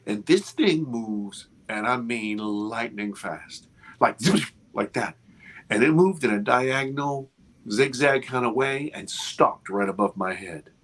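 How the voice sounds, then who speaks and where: A man over fifty, an interview guest, telling a story with expressive, restarting speech. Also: mid-range voice, slow. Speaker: interview guest, film producer. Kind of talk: animated storytelling in a casual interview.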